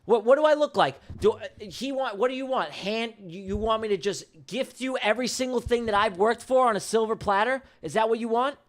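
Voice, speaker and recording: Fired-up high-voiced man ranting. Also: fairly quick, few pauses. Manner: blunt, heated rant with profanity; fired-up, repeating lines for emphasis. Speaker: livestream trading host. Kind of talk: live-streamed trading commentary.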